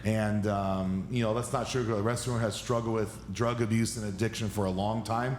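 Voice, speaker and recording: A man's voice: fairly low pitch, steady tone, brisk, darkish tone, reverberant, slight background noise. A man hosting a podcast, earnestly asking prepared interview questions. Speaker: podcast host.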